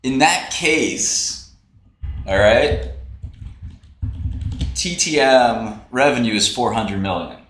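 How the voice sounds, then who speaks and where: A man's voice: medium pitch, takes it slowly, pauses often, fairly bright tone, a little hiss or hum. A man hosting a casual livestream, ranting in a brash, profane, mocking way. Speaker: livestream host. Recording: roomy echo, faint typing.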